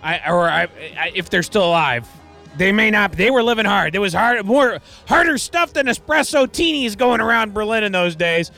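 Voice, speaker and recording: High, bright-voiced wry radio DJ man. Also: moderate pace, gravelly, faint music behind. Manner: wry, digressive, self-deprecating, with restarts and deadpan asides. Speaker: radio DJ and host. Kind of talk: rambling casual radio DJ patter. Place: college radio studio.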